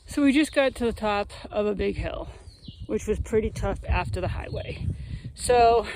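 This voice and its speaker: A woman's voice: mid-range voice, moderate pace, background noise. A woman vlogging outdoors on a mountain trail, chatty and upbeat as she tells how the hike is going. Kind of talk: casual outdoor vlog.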